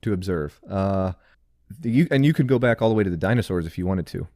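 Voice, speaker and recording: A man with a fairly low voice co-hosting a casual podcast. The sound is dry and close, with no room around it, and he talks in an easygoing way as he lays out questions. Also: animated, fast talker, warm tone, dry recording. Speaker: podcast co-host. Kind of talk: casual chat.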